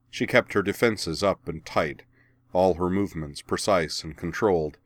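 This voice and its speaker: A man giving steady, measured scripted narration of a story. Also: sits low, no room sound.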